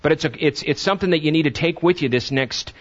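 A man preaching a sermon to a congregation, earnest and halting, with many fillers, building to emphatic questions. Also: on the high side, muffled recording. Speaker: pastor.

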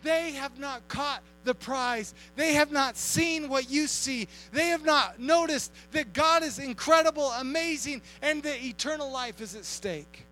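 Man, youth sermon, high voice, bright tone, lively and acting out quotes, faint music behind. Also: measured pace, hardly any pauses, rough recording. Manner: animated, acts out quotes, shouts and laughs. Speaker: youth pastor.

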